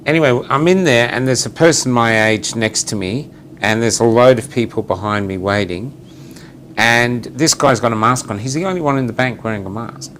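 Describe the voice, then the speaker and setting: A man's voice: mid-range voice, normal speed, slight background noise. A middle-aged man co-hosting a casual chat, telling stories and acting out what people said. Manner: animated storyteller, acts out quotes. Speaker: co-host.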